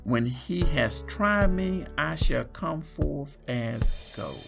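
A man's voice: on the high side, expressive, slow pace, gravelly, dull audio, music in the background. A man preaching a Bible study sermon, reading scripture aloud and explaining it, drawing out words for emphasis.

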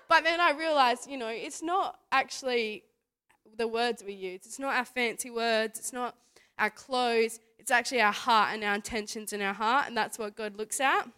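A woman's voice: a little high, normal speed, sharp tone, smooth. Chatty young woman sharing a church testimony. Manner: chatty, full of "like" and "you know", laughs often. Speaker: youth speaker at church. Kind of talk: casual church testimony talk.

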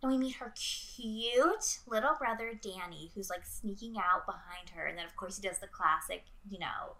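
Bright, chatty young woman co-host. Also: medium pitch, normal speed, few pauses. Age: young adult. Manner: chatty, swears freely, acts out lines from the film. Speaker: podcast co-host. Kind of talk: casual movie chat.

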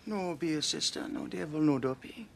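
Picture a film scene: a calm stranger speaking in a thick Jamaican accent, his voice pitched high and sing-song as he soothes a patient. The sound is quiet and distant, lifted from a movie soundtrack. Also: normal speed, creaky. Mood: soothing.

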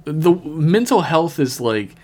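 A man's voice: a little high, big pitch swings, slow pace, warm tone. A man co-hosting a casual podcast, reading listener emails aloud and chatting loosely with fillers and swearing. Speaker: podcast co-host.

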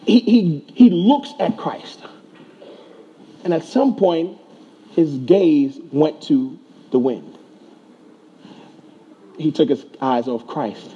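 Preaching slowly and animatedly with frequent pauses, this pastor leans on rhetorical questions and repetition to press his message. His high voice has a dark, slightly husky tone, captured on a dull, muffled recording.

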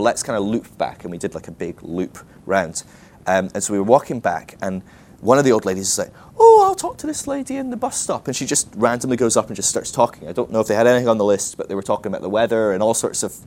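A man's voice: on the low side, a little mellow, a little hiss or hum. A man speaking at a ministry school, telling a self-deprecating story in a casual sermon, full of "like" and restarts.

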